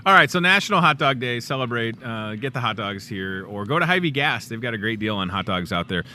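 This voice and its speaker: A man's voice: medium pitch, lively intonation, fairly quick, pushed and bright, slight background noise. A middle-aged man with a Midwestern accent hosting a casual, jokey talk show from a grocery store aisle, upbeat and chatty. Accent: Midwestern American. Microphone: clip-on lapel mic.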